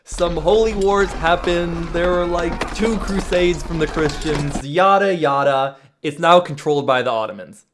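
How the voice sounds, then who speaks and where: A man's voice: fairly high pitch, measured pace, few pauses, background noise. A man casually explaining history to viewers, with joking, sarcastic asides.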